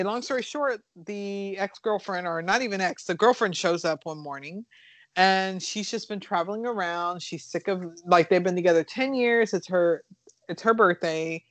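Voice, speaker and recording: A woman co-hosting a horror film podcast casually retells a movie's plot, rambling and animated, with plenty of fillers and the occasional swear word. Her mid-range voice sounds dry and close, without any room echo.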